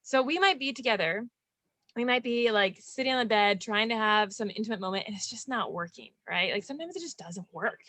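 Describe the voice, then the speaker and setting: A woman hosting a video interview, speaking candidly in a loose, animated way and laughing often. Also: a little high, a little fast, no room sound. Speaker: podcast host and relationship coach. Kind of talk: casual video interview chat.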